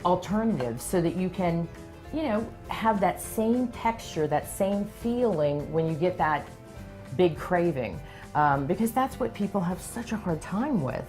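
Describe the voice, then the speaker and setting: Chatty enthusiastic woman, lowish voice. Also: animated, unhurried, a little mellow, soft background music. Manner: chatty and enthusiastic, with filler ums. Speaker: guest from a diabetes website. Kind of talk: casual chat on a cooking show. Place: studio kitchen.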